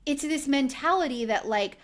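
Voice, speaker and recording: A woman co-hosting a casual podcast, talking in an indignant, chatty way and leaning on "like" constantly. Her voice swings up and down with lively, animated pitch. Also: normal speed. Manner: indignant, chatty, heavy use of "like". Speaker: podcast co-host. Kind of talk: casual recap chat.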